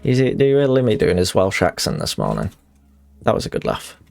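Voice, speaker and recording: A man's voice: fairly low pitch, wildly swooping pitch, brisk, gravelly, darkish tone, soft background music. A man streaming a video game, chatting casually and reading in-game letters aloud, rambling and self-deprecating with frequent restarts.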